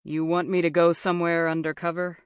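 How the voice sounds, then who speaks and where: A woman's voice: fairly low pitch, level tone, a little fast, smooth, no echo, clean studio sound, natural voice. A woman voicing a wary male journalism teacher. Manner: wary, hesitant.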